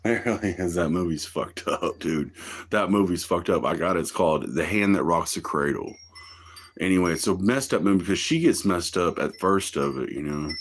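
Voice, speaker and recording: A man's voice: sits low, moderate pace, husky. A man chatting casually on his livestream, rambling through stories with frequent swearing and laughter. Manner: profane, laughs often, drawling storytelling.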